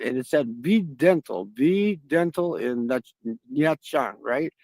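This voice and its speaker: A man's voice: on the high side, lively intonation, measured pace, a little mellow, no room sound. A man hosting a stream, telling rambling, profane stories in casual chat. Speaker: stream host.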